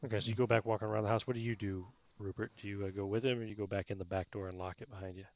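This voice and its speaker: A man's voice: on the low side, level tone, rapid-fire, highs cut off. A man running a tabletop game as game master, narrating casually and rambling with many fillers.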